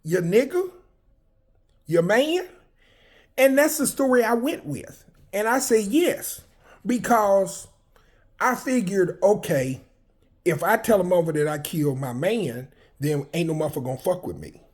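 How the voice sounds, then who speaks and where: Animated man telling stories. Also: high-pitched, normal speed. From Arkansas. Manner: animated, flamboyant, profane, laughs while telling. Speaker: vlogger. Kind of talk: casual personal storytelling.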